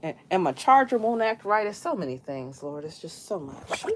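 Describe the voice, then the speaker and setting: This is a woman with a drawl, livestreaming from her bedroom to her viewers. Her voice sits a touch low. She talks in a loose, chatty way, often breaks into laughter and drives her stories with lively energy. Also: moderate pace, a little hiss or hum. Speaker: livestream host. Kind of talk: casual livestream chat. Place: bedroom near closet, indoors.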